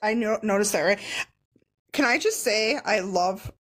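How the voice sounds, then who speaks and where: A woman co-hosting a casual podcast, reacting with incredulous, expressive exclamations. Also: medium pitch, measured pace. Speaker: podcast co-host. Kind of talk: casual chat.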